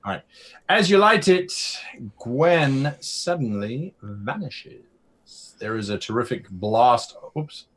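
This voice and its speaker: A man running a tabletop game as game master, describing scenes with pauses and fillers. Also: mid-range voice, lively intonation, a bit bright.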